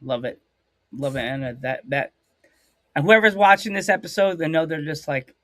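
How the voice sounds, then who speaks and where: A man's voice: on the high side, a little fast, fairly bright tone, dry recording, studio quality. A man hosting a live-streamed interview show over a video call, rambling and joking at his own expense. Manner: rambling, jokey, self-mocking. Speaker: podcast host.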